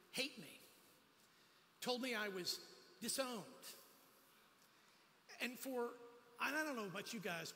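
A high, bright male voice delivers a sermon, weaving personal stories and quick humorous asides. The sound carries the long reverb of a church sanctuary, with faint noise underneath. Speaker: guest preacher.

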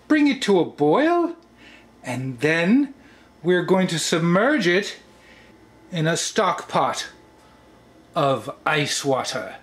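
A man's voice: sits high, a bit bright. A man hosting a home cookware test vlog, who talks playfully to the pan as if it were a person. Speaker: channel host.

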